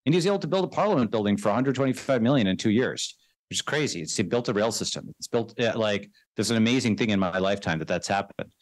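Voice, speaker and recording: A man's voice: fairly low pitch, animated, no room sound. A man guest in a conversational interview, talking in an emphatic way and often tagging his points with "right?" and "okay.". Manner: fast, emphatic, tags remarks with "right?" and "okay". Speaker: guest investor.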